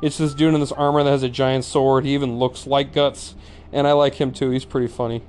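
A man's voice: mid-range voice, little pitch movement, a little fast, a little mellow, a little hiss or hum. Casual swearing man reviewing anime. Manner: rambling, swears freely, many "like" fillers and restarts. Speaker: anime reviewer, channel host.

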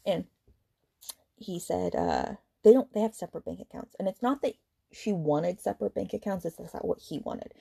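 A woman's voice: lowish voice, vocal fry, mellow, husky, dry recording, studio quality. Exasperated woman ranting about a book. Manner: exasperated, sarcastic, swears; fast retelling with many fillers. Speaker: book podcast host. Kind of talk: casual book review rant.

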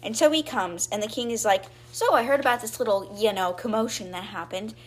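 Casting: young woman, chatty storyteller recap, slips into quick character voices, everyday pitch. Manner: chatty, acts out quotes in brief voices. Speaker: podcast host retelling a book.

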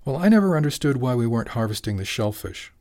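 A man's voice: medium pitch, very animated, fast talker, darkish tone. A man playing a clever young explainer. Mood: explaining.

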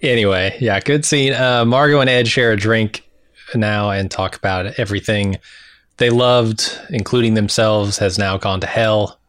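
A man co-hosting a casual podcast, calmly summarizing an episode from his notes. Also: fairly low pitch, measured pace, smooth, no echo. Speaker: podcast co-host. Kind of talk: casual TV recap chat.

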